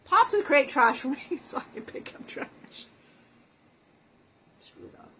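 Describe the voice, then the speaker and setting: A woman's voice: high-pitched, big pitch swings, measured pace, background noise. A woman channeling the spirit of a dead man in a session, talking in a profane, self-mocking way and laughing often. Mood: brash joking.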